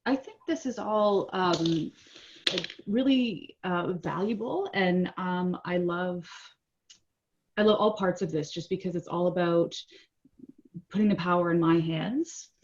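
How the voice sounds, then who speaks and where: A woman's voice: lowish voice, a little slow, lo-fi sound. A woman taking part in a coaching session, speaking hesitantly and reflectively, with many fillers. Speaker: coaching participant. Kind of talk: casual chat.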